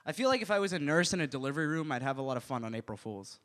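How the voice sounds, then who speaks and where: Higher-voiced man doing stand-up. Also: very animated, fast. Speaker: stand-up comic. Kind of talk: stand-up comedy set. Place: small comedy venue.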